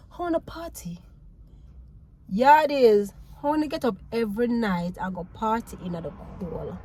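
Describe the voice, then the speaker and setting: A Jamaican woman vlogging, telling a story in a casual, animated way, laughing often and mixing patois with English. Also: a little high, normal speed.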